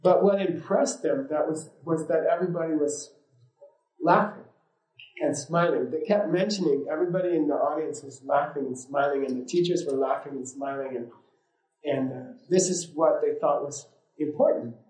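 Speaking at a moderate pace in a fairly high voice with a darkish tone, the yoga and meditation teacher teaches in a rambling, informal way. Fillers, stories and easy laughter fill his talk, which echoes around the room.

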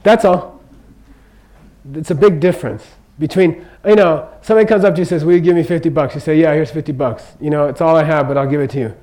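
An older man leads an informal Buddhist teaching, his voice sitting a little high for a man. He talks loosely and with humor, drifting into asides and repeatedly checking in with the room. The delivery is conversational rather than preached. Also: fast talker, dark tone, low-quality recording. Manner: chatty, joking, checks in with "okay?" constantly.

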